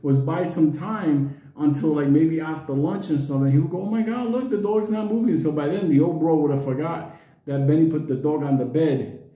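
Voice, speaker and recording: A man telling a comedic story in a rambling, casual way, laughing at his own jokes and putting on high voices for the characters. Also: fairly even intonation, normal speed, dark tone, roomy sound.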